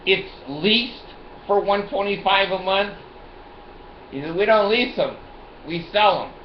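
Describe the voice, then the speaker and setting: A man's voice: sits high, unhurried, roomy sound, highs cut off, slight background noise. An older man hosting his own show, telling a rambling, bawdy, boastful story and laughing often. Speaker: show host.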